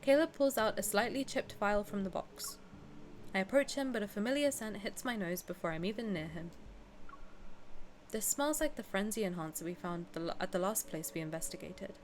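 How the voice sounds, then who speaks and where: A woman's voice: mid-range voice, fairly quick, a little hiss or hum. A woman in her twenties, a streamer, reads game text aloud and chats bluntly and playfully with her viewers. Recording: game music playing behind.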